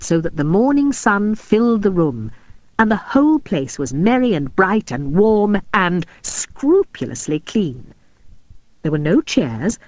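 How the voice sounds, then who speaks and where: An older woman narrating a children's classic audiobook in a measured, expressive way. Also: lowish voice, dry recording. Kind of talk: storybook narration.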